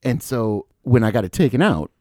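This podcast host has a medium-pitched voice and a moderate pace, with clean, echo-free studio sound. In casual chat he tells an animated story, swearing freely and acting out what people said.

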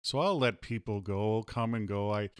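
A man's voice: lowish voice, normal speed, clean tone, no room sound, studio quality. Boastful joking male podcast host. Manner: mock-boastful, playful, breaks into loud silly voices. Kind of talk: casual comedic chat.

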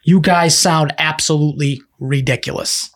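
A man's voice: fairly high pitch, fairly even intonation, normal speed, fairly bright tone. A man with a Boston accent, co-hosting a podcast, ranting in casual, profane chat. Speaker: podcast co-host.

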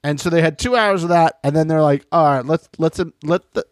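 A man's voice: a little high, fairly quick, no echo, clean studio sound. A man co-hosting a podcast, chatting casually and mockingly about a reality show, swearing freely. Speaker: podcast co-host.

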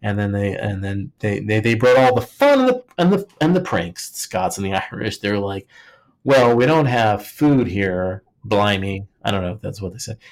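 Rambling man with a lowish voice. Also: very animated, brisk, vocal fry, hardly any pauses. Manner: rambling and jokey, heavy use of "like", frequent restarts. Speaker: podcast co-host. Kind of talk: casual chat.

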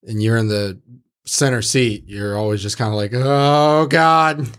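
A man's voice: fairly low pitch, flat delivery, moderate pace. A man co-hosting a podcast, teasing the others with dry quips in casual chat. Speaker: podcast co-host.

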